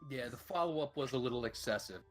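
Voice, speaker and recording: A man running a tabletop game, chatting casually and haltingly over a computer voice call. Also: mid-range voice, animated, soft background music. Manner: halting, self-deprecating, restarts often. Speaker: game master. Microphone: computer mic on voice call.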